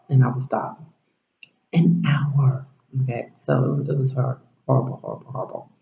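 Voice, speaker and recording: A man's voice: mid-range voice, vocal fry, dark tone. A man telling a personal story to camera in a rambling, casual way, acting out dialogue and sometimes dropping to a whisper. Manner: rambling, acts out quoted dialogue, drops to a whisper at times. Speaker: vlogger. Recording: roomy, dull lo-fi sound.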